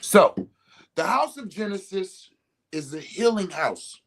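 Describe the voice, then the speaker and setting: Animated, profane man telling a story. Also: high-pitched, slow pace. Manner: animated, profane, acts out quotes. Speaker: healer and host. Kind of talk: casual storytelling talk. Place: house, indoors.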